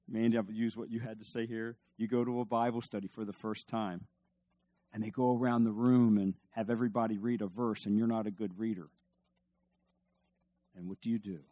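A man preaching a sermon at a middle pitch. He tells stories in a soft, slow voice, then lifts into loud, eager lines, and he often turns to the congregation with questions. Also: no echo. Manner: storytelling, swings from hushed to emphatic, asks the audience questions. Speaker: pastor.

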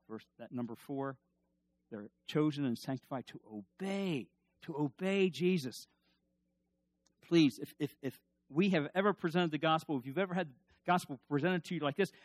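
A middle-aged man preaching a sermon as pastor, building to emphatic bursts and asking the congregation to repeat after him. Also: on the high side. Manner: preaching with rising emphatic bursts and call-and-response.

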